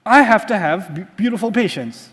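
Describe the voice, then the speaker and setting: Male preacher, very high voice, lively storyteller, quizzes the audience. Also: a little fast. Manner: asks the audience rhetorical questions; animated storytelling. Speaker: Islamic teacher. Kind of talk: sermon-style lecture.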